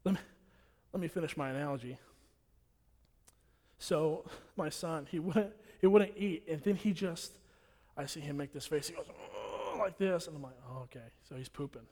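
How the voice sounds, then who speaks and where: A man's voice: on the high side, moderate pace, long pauses, darkish tone. A young man preaching a sermon in a church, blunt and repetitive, hammering his warnings home. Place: church hall. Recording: long hall reverb.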